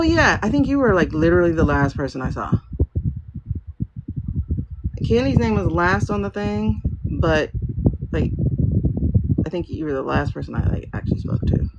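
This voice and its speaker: A woman's voice: fairly low pitch, lively intonation, unhurried, gravelly, long pauses. A woman rambling casually to her livestream viewers from a room at home, greeting them by name as she chats. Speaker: livestream tarot reader. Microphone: phone livestream. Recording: lo-fi livestream with loud noise.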